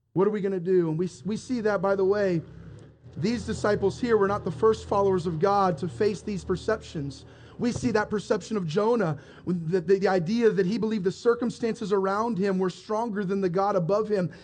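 A man's voice: high-pitched, darkish tone. A male pastor preaching a sermon, firing rhetorical questions at his congregation.

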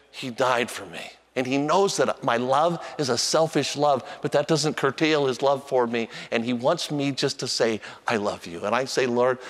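An older man preaching a sermon as a pastor, telling a story about his grandson and switching between soft, reverent passages and lively storytelling. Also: in a large hall. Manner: storytelling, animated, voice jumps high when acting out a child.

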